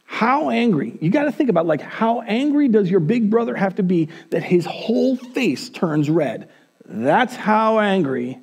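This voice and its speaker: Male pastor, conversational church sermon, high and highly animated. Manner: casual, conversational, humorous asides. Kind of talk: sermon storytelling.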